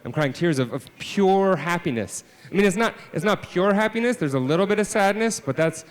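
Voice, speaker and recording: A man, a children's author, telling a story live to a family audience, swinging from hushed deadpan asides to loud exclamations. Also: high voice, a little fast, in a large hall. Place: library event space.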